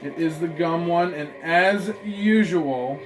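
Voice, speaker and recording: A man reviewing trading cards in a casual vlog, rambling and swearing, swinging between mumbled asides and excited outbursts. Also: fairly high pitch, slow pace, soft background music. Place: apartment room.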